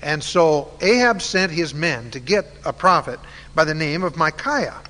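A man's voice: fairly high pitch, lively intonation, measured pace, sharp tone. A man telling a Bible story in a sermon, conversational and full of uh fillers. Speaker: Bible teacher. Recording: long hall reverb.

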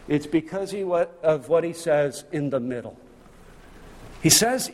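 In a church sanctuary that sounds like a large hall, a man preaches with a fairly high, animated voice at a measured pace. The pastor stays emphatic throughout, leaning heavily on rhetorical questions.

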